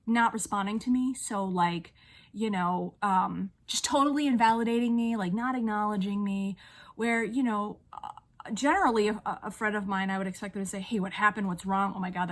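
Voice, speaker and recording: A young woman vlogger telling an angry story, still riled up, swearing and animated as she retells it. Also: medium pitch. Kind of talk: emotional vlog storytelling.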